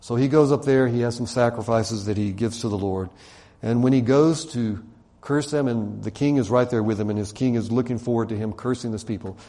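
A man's voice: mid-range voice, a little fast. A man telling a story as a sermon in a conversational way, acting out the quotes with fillers and asides. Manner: conversational, animated retelling with voiced quotes and fillers. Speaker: preacher.

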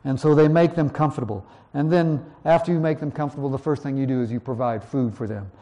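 A man preaching verse by verse, reading scripture slowly and then explaining it in a conversational way. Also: medium pitch, warm tone, muffled recording. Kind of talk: verse-by-verse Bible teaching.

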